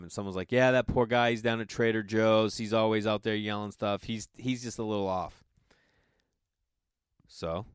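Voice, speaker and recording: A man hosting a podcast, telling a story in a loose, profane, animated way and acting out the quotes. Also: on the low side, smooth, dry recording, clean studio sound. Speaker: podcast host. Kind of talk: casual storytelling monologue.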